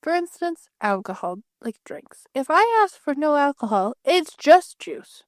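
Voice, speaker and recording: High-voiced woman ranting, exasperated. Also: sing-song, a little slow, no room sound, studio quality. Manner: exasperated ranting with many likes. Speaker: podcast co-host. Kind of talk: casual chat.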